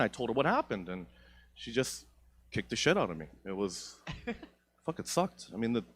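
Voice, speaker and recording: A man's voice: medium pitch, very animated, normal speed, pauses often, slightly rough. A young man doing stand-up comedy on a theatre stage, profane, rambling and self-mocking, into a handheld mic.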